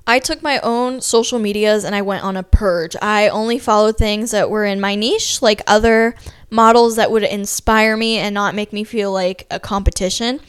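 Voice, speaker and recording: Hosting her own podcast solo, a young woman from Ohio talks in a chatty, upbeat way, filling her speech with "like." Her mid-range voice is steady, clear, and resonant at a normal pace, captured as a dry, clean studio recording.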